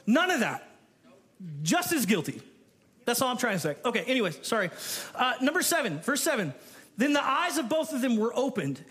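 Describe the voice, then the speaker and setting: Male pastor, high voice, animated sermon delivery, playful asides. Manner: animated, playful, acts out the people in the story.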